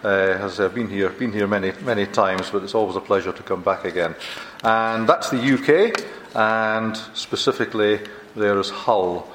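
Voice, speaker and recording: An older man with a Scottish accent giving a chatty, self-deprecating conference talk, halting and restarting as he goes. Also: lowish voice, fairly bright tone, echoey room, slight background noise. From Scotland. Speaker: visiting university lecturer. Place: large lecture hall.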